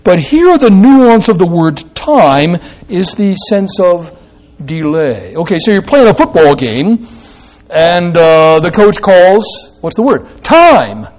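A male pastor preaching a sermon, teaching through rhetorical questions and wry asides, swinging between loud emphasis and quiet low drops. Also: sing-song, slow.

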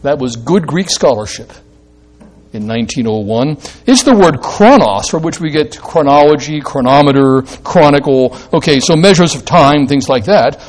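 A male pastor preaching a sermon, teaching through rhetorical questions and wry asides, swinging between loud emphasis and quiet low drops. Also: moderate pace.

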